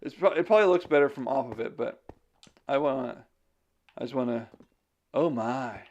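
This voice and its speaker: Between bits of gameplay, this streamer and digital missionary chats casually with himself and viewers and shares thoughts while reading scripture. His mid-range voice is animated, a little fast, and slightly mellow. The audio has its highs cut off and carries a faint hiss or hum.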